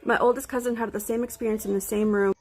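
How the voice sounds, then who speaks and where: A woman's voice: fairly high pitch, steady tone, quick pace. Blunt, profane young woman telling a story. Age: 20s. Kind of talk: casual storytelling to phone camera.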